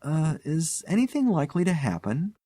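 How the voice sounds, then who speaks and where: A man's voice: on the high side, sing-song, moderate pace, warm tone, slightly rough, no echo, studio quality, voice pushed up. A man reading the part of a polite, mildly teasing nephew in a spoken ghost story.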